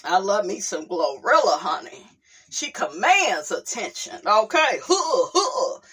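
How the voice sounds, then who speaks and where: Bright, lively woman gossiping slowly. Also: mid-range voice, slightly rough. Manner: chatty, often says "honey" and "okay", laughs readily. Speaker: host. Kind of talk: casual gossip commentary.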